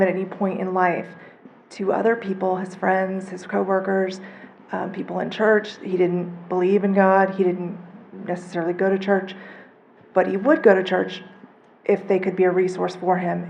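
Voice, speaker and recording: A woman in the audience speaking slowly and deliberately as she asks the panel a question. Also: medium pitch, darkish tone, highs cut off, slight background noise. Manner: slow, measured, gravelly. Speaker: audience member asking a question. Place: convention panel room.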